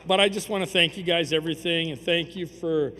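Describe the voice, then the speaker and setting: A man's voice: a little high, fairly even intonation, fairly quick, pushed and bright. A man, giving a rambling, heartfelt acceptance speech at an awards ceremony. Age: 60s. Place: large hall at an awards ceremony. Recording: reverberant hall with faint ambience.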